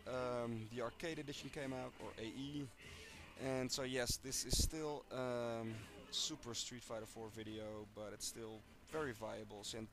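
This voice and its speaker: A man's voice: medium pitch, vocal fry. A man casually commentating his own fighting-game match replays, hesitant with many ums and uhs, and joking at his own expense in a dry way. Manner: dry self-mocking humor.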